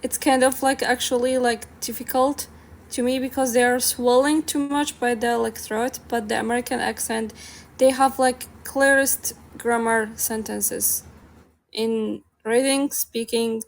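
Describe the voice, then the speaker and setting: A woman's voice: on the high side, little pitch movement, unhurried, vocal fry. Woman speaking English as a learner. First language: Arabic. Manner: hesitant learner's English, many fillers. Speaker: interview guest. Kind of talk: casual interview chat.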